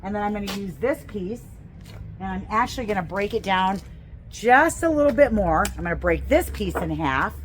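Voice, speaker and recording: Woman instructor, enthusiastic hands-on demo, average pitch, light outdoor ambience. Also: lively intonation, moderate pace, slight background noise, poor audio. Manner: enthusiastic, chatty, gushing over plants. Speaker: gardening instructor. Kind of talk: how-to demonstration. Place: outdoors on a porch.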